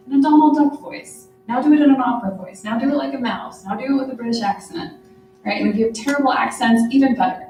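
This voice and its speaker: A woman's voice: a little high, warm tone. A woman therapist giving a conversational conference lecture, often tagging her sentences with "right?". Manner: conversational, frequent "right?" tags. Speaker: therapist presenter. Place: conference room. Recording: echoey room from far off.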